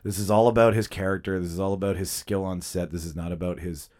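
A man hosting a casual podcast, joking crudely and slipping into quick impressions. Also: deep voice, fairly even intonation, darkish tone. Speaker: podcast host.

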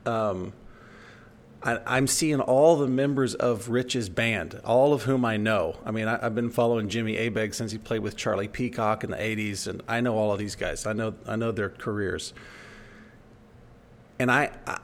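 A man's voice: on the low side, moderate pace. A man from the United States telling a long personal story in casual conversation, often restarting sentences and acting out what others said. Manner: rambling, self-correcting, animated when quoting others.

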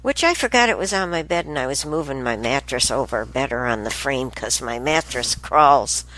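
A woman's voice: rumbling low, lively intonation, moderate pace, fairly bright tone, slight background noise. A woman hosting a show, telling a rambling everyday story in a chatty, casual way. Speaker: show host. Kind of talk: casual monologue.

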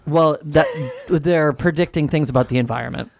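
A man's voice: fairly high pitch, moderate pace, vocal fry. A man co-hosting a podcast in casual chat, dry and teasing. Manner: wry, teasing. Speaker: podcast co-host.

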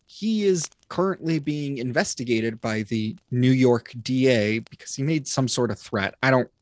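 A man's voice: medium pitch, dry recording. A young man co-hosting a podcast, chatting casually and rambling with many restarts. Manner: rambling, lots of fillers and restarts. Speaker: podcast co-host. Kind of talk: casual chat.

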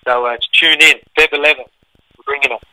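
A man's voice: on the high side, steady tone, fairly quick, sharp tone, no room sound, poor audio. A young Australian man, a fighter guest, chatting in a laid-back way and laughing easily during a casual phone interview.

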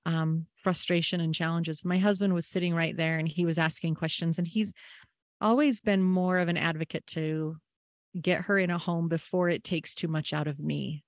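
A woman's voice: fairly low pitch, fairly even intonation, normal speed. A woman hosting a caregiving podcast, telling a personal story in an earnest, emotional, reflective way. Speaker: podcast host and family caregiver.

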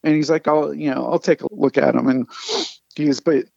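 A man, a comic artist, telling animated anecdotes in casual conversation and acting out the people he quotes. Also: on the high side, fairly quick, gravelly, no room sound, muffled recording. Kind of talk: casual storytelling.

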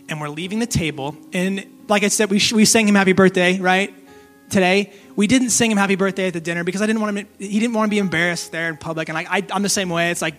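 Casual high-voiced preacher over soft guitar. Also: male voice. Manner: conversational, direct, asks questions, pauses to let listeners think. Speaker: pastor. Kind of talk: sermon.

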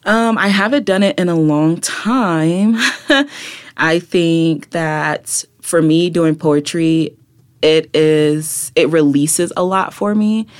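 A woman's voice: low voice, slow, smooth. A woman guest, a poet and activist, talking reflectively in an interview, often tagging her thoughts with "right?" and "like". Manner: reflective, many fillers like "like" and "right?". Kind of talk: conversational interview.

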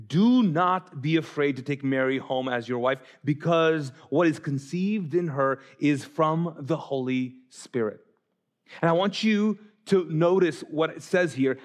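Animated higher-voiced male pastor. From Pakistan. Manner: animated, acts out quoted voices, repeats phrases for emphasis. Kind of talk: sermon.

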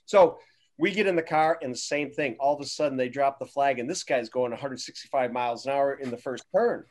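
A man's voice: medium pitch, brisk, a little hiss or hum. A man telling a story in casual conversation, quoting others in a dry, wry tone.

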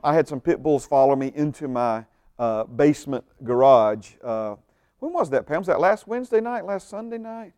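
Man, pastor, sermon, emphatic, fairly high-pitched, repeats himself. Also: a little mellow, smooth. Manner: emphatic, repeats words, asks the audience questions.

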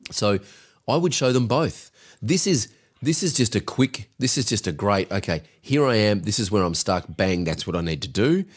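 A man's voice: fairly low pitch, lively intonation, moderate pace, husky. A man co-hosting a business podcast, coaching in an emphatic, directive way. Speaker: podcast co-host, agency coach.

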